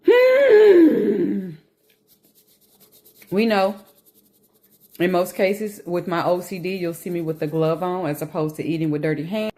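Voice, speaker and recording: A woman chats casually to her camera in a rambling, anxious flow. Her voice sits a little low, and she gets animated as she talks, sometimes with food in her mouth. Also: moderate pace. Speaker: vlogger. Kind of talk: casual chat.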